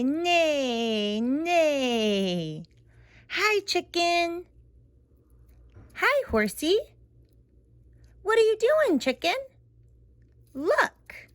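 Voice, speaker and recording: Her voice is high-pitched with big swings and a fairly bright tone as this American speech therapist entertains toddlers. She moves slowly in a sing-song way, making animal sounds and stretching her words with playful exaggeration.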